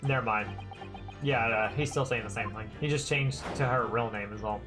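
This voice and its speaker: A man's voice: mid-range voice, moderate pace. A man casually commenting while streaming a story game, chatty and self-mocking. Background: game music.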